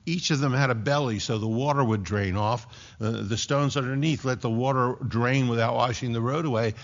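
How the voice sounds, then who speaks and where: Emphatic pastor, dull lo-fi recording. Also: male voice, mid-range voice, a little fast. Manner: emphatic, folksy asides between scripture readings. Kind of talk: expository sermon.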